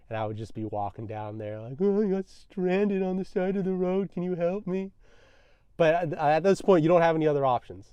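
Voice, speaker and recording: A young man spins a road-trip yarn in an easygoing, wry tone, poking fun at himself. His voice is mellow and dark, and the sound is close and dry. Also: medium pitch, clean tone, no echo, highs cut off. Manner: relaxed, self-deprecating, wry. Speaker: vlogger. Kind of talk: casual storytelling.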